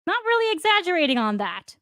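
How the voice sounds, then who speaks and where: Lively high-voiced woman co-host. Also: no room sound, clean studio sound. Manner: teasing, quick to laugh. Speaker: podcast co-host. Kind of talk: casual chat.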